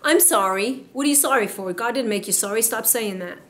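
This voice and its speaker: Woman preacher, higher register, emphatic and exhorting, stretches key lines for weight. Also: fairly bright tone. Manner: emphatic, exhorting, slows down to stress points. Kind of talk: sermon.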